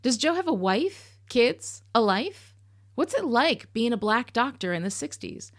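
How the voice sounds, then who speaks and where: Woman podcast host, candid and sardonic, swears freely, slightly high voice. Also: big pitch swings, measured pace. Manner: candid and sarcastic, with casual swearing. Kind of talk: podcast commentary on a TV episode.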